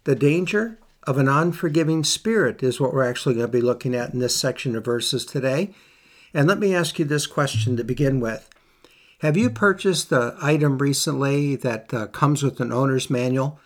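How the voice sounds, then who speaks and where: A man's voice: medium pitch, expressive, moderate pace. A man teaching a Bible lesson on a podcast, reading scripture aloud and speaking in a plain conversational way, repeating key phrases for emphasis.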